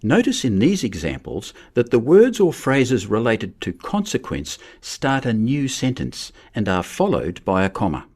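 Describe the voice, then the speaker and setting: A man giving a measured, scripted narration for a lesson on writing. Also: medium pitch, huge pitch swings, darkish tone, slightly rough. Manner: measured, explanatory. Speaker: teacher.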